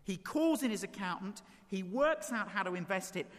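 A man preaching a sermon, telling the story with lively energy and acting out the voices of its characters. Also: sits high, normal speed, big-room sound.

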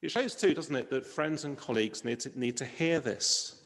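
Speaking at a normal pace in a medium pitch, a man preaches in a big-sounding room. His sermon is earnest, with rhetorical questions and emphasized key words, his volume rising and falling for effect.

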